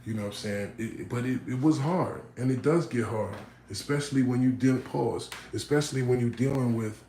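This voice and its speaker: A man casually telling his life story, often checking in with the listener, growing animated when he acts out other people. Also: medium pitch, a little fast, reverberant, slight background noise, low-quality recording. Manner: conversational, frequent "you know what I'm saying", animated when quoting others. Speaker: vlogger.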